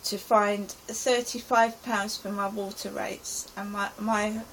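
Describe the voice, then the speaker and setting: A middle-aged woman from England vlogs her day as a personal diary, retelling it anxiously and ramblingly in the present tense. Her mid-range voice is level, slow, a bit bright, and has a breathy edge, captured on a rough recording.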